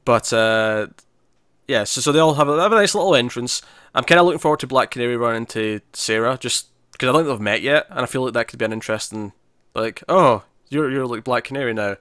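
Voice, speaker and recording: A man's voice: mid-range voice, fast talker, fairly bright tone, clean tone, no echo, clean studio sound. A man co-hosting a podcast in casual chat, chatty and laughing often, acting out characters' lines. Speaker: podcast co-host.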